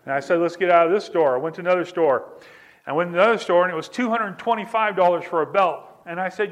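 High-voiced pastor telling a sermon story. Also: male voice, quick pace. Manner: repetitive, building emphasis through restated phrases; conversational, addresses listeners directly.

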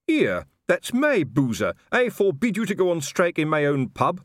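A man voicing a blustering middle-aged male watch sergeant, shouting in outrage. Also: fairly high pitch, very animated, moderate pace, no room sound, clean studio sound, voice pushed up. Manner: shouting, indignant and red-faced.

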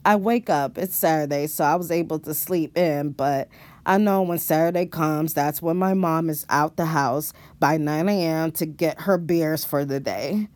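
A woman's voice: low voice, normal speed, a little mellow, dry recording. A woman narrating a first-person horror story in a dramatic, exclamatory way, with casual swearing.

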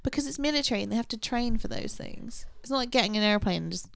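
A woman's voice: a little high, quick pace, vocal fry, dry recording, studio quality. A young English woman co-hosting a podcast, joking around in a casual chat about a true crime case. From England. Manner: jokey, playful asides. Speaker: podcast co-host.

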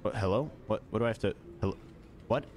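A man's voice: lowish voice, fast talker, slight background noise. A young man streaming a video game, chatty and muttering to himself as he plays. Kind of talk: casual gaming commentary.

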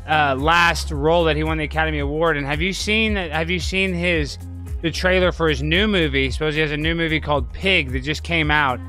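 Excitable high-voiced man hosting a podcast. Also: fairly quick, faint music behind. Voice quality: loud, sing-song hype intro. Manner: rambling, excitable, talks over his cat. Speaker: podcast host. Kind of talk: live video podcast chat.

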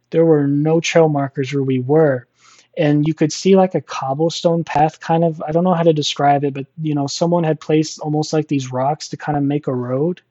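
Man, storyteller guest, mellow tone, rambling delivery with fillers, dull lo-fi recording. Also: on the high side. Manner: rambling, many fillers and restarts. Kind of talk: casual spoken storytelling.

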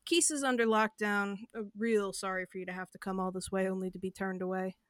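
A woman's voice: medium pitch, steady tone, fairly quick, dry recording, clean studio sound, close to an everyday voice. GM doing a middle-aged dwarf councilwoman, faint Southern drawl, folksy and firm, tabletop game. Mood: firm, apologetic. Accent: faint Southern US cadence. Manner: polite but firm, folksy.

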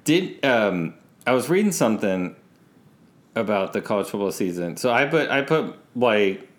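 A man's voice: lowish voice, big pitch swings, normal speed. A man co-hosting a casual podcast chat, rambling with lots of fillers and restarts. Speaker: podcast co-host.

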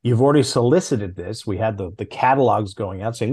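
Animated middle-aged man spinning anecdotes. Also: fairly quick, husky. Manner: animated anecdotes, with big jumps in pitch. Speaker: guest, former comics editor. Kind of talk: casual podcast storytelling.

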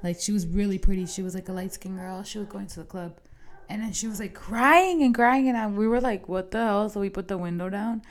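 Young female co-host, casual chat, animated storyteller, cusses a lot. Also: mid-range voice, brisk. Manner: animated storytelling, frequent swearing and "like". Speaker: podcast co-host.

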